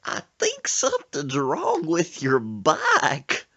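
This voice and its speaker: A man's voice: huge pitch swings, slow pace, pushed and bright, muffled recording, full character voice. A man voicing a panicky teenage boy who shrieks in fright and talks in a country drawl when scared. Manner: shrill screams and yelps.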